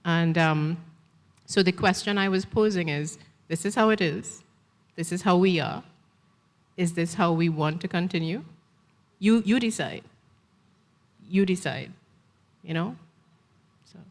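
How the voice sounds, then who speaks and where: A woman author from Trinidad with a Trinidadian accent, reading her fiction and answering questions in a measured, thoughtful way. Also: fairly low pitch. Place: festival stage in a large hall. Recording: long reverb in a large hall.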